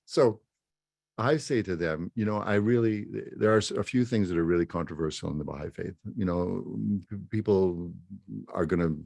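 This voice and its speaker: Deep-voiced older man telling a story. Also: gravelly, darkish tone, no room sound, studio quality. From Saskatchewan, Canada. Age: 70s. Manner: chuckles often, self-mocking storytelling. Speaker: musician and speaker. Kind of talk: storytelling talk at a fireside gathering.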